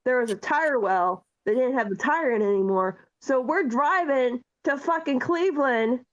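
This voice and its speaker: A woman co-host telling a long story in casual chat, animated and full of swearing. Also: sits high, moderate pace. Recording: dull lo-fi sound.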